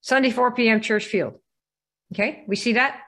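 A woman's voice: a little high, normal speed, a bit bright. Rhetorical woman quizzing her audience. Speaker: business trainer. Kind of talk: live training presentation.

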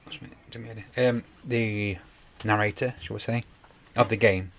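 A man's voice: on the low side, fairly even intonation, measured pace, fairly bright tone. A man, casually retelling a TV episode on a podcast, rambling with many fillers. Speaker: podcast co-host. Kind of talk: casual chat.

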